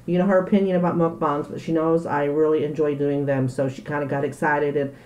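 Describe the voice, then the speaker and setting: A woman's voice: low voice, flat delivery, fairly quick, a little mellow. Chatty woman eating on camera. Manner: chatty, laughing, talks while eating. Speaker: mukbang vlogger. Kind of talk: casual eating vlog chat.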